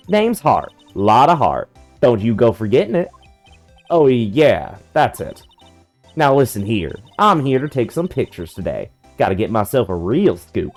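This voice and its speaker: A man voicing a brash, pushy woman photographer with a put-on Southern US drawl, boastful and folksy. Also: mid-range voice. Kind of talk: fan voicing of a game character.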